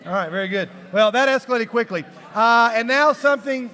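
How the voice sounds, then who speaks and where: A man's voice: extremely high pitch, brisk, in a large hall, over loud music. A man hosting a live youth group show, playful and chatty, coaxing kids along with encouragement.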